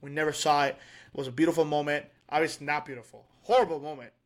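A man co-hosting a podcast, chatting casually and excitedly, rambling with restarts and laughs. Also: a little high, quick pace, background noise. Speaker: podcast co-host. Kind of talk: casual chat.

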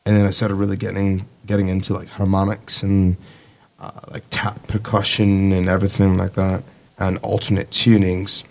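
A man in his twenties with a Midwestern American accent, a Navy sailor and guitarist talking in a relaxed, rambling way in a casual interview. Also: low voice, moderate pace, creaky. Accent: Midwestern American, put-on. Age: 20s. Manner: relaxed, rambling, laughs easily.

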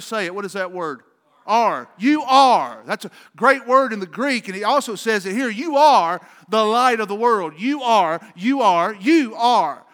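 A man's voice: high-pitched, sharp tone, in a large hall. A man pastor preaching a sermon with an emphatic, repetitive cadence, speaking in a church sanctuary.

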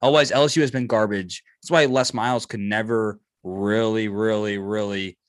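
A man's voice: fairly low pitch, steady tone, normal speed, no room sound, clean studio sound. A man co-hosting a sports podcast, giving emphatic opinions with stammered restarts and ribbing his friends. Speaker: podcast co-host. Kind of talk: casual sports betting chat.

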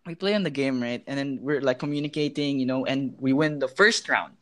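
A young man from the Philippines, co-hosting a podcast and telling a gaming story in casual chat, animated and quick to act out the people he quotes. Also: mid-range voice. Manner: animated, slips into put-on voices for quotes. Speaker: podcast co-host.

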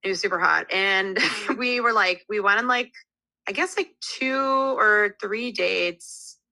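A woman's voice: medium pitch, takes it slowly, creaky, no echo, poor audio. A woman in her thirties, a podcast guest in casual chat, telling stories candidly and animatedly with lots of "like". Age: 30s. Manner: candid, animated storyteller full of "like" fillers.

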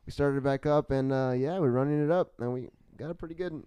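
Young male podcast guest, mellow smooth voice, dry close sound, jokey. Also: medium pitch, fast, dry recording. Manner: joking, playfully over-dramatic. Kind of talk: casual chat.

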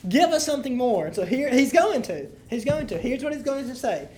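A woman with a high, darkish voice speaks fairly quickly and with lots of animation. She's leading a Bible study, reading scripture aloud with emphasis, then explaining it to a room of listeners in loose, casual talk.

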